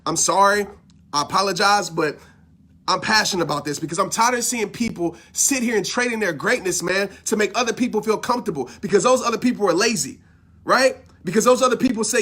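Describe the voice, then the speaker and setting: A man's voice: high-pitched, fairly quick, fairly bright tone, slightly rough. A man giving an impassioned motivational talk, fired up and preachy, hammering home his points by repeating phrases. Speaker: motivational speaker.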